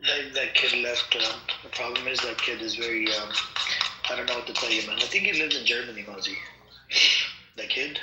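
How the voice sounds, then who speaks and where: A man's voice: medium pitch, steady tone, brisk, noisy background. Stammering man moderating, roomy sound. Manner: easygoing, stammers and repeats words. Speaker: moderator of an online audio room. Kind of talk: casual chat.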